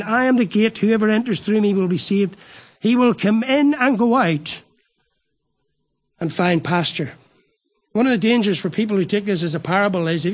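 A man with a notably high voice delivers a sermon. He speaks earnestly and with emphasis, often doubling words as he drives a point home. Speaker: preacher.

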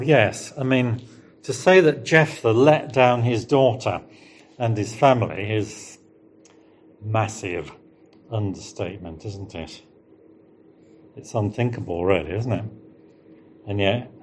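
A middle-aged man preaching a sermon, leaning on rhetorical questions and slowing down to stress key words. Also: fairly low pitch, a little mellow, a little hiss or hum. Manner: rhetorical questions, emphatic rises and slowed stresses.

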